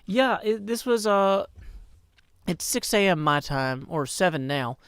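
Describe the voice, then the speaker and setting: A man's voice: high voice, expressive, measured pace, fairly bright tone, smooth, no room sound, clean studio sound. A man in his thirties hosting a casual live game stream, chatting wryly with viewers and muttering to himself as he plays. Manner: chatty, wry, reads chat aloud, mutters to himself. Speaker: livestream host. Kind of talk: casual live-stream chat while gaming.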